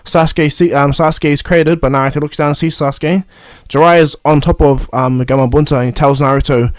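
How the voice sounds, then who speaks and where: A man's voice: a little high, fairly even intonation, brisk, few pauses, no echo, clean studio sound. A man retelling a fan story casually, rambling with many fillers and restarts.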